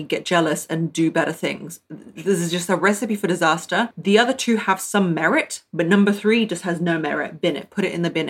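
A young woman coaching on relationships, talking bluntly and emphatically and addressing her listeners as "my loves" and "girl". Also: fairly low pitch. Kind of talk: direct-to-camera advice talk.

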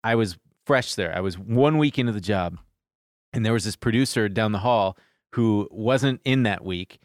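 Animated male podcast storyteller. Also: lowish voice, dry recording, studio quality. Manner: animated storyteller, quick bursts. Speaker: podcast co-host. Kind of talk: casual comedic chat.

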